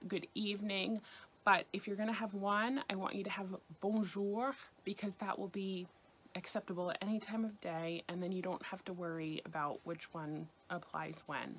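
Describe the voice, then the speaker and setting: An American woman with a New York accent gives a scripted French lesson. She speaks clearly and deliberately, and she slows right down on the example words. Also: mid-range voice, a bit bright. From United States. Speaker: French teacher on a video channel.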